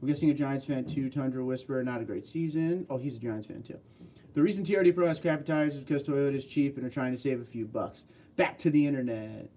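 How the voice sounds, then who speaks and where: He talks fast in a warm, mid-range voice: a California livestream host casually chatting and responding to viewer comments and questions as they come in. His mic sits at a distance.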